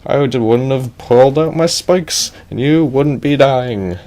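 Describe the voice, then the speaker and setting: Man as a brash, dopey warrior, mid pitch, blustering. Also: measured pace, dark tone, natural voice. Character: dim-witted cocky young warrior.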